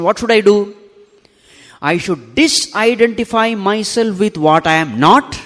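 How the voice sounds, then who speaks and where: A man's voice: high voice, fairly bright tone. A man giving a spiritual discourse, asking the audience rhetorical questions and repeating key phrases for emphasis. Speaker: swami teaching scripture. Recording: long hall reverb.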